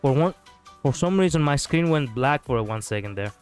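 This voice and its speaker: A young man streaming a game, chatting casually and reading story text aloud, animated and laughing often with stumbles and restarts. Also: mid-range voice, normal speed, smooth, soft background music.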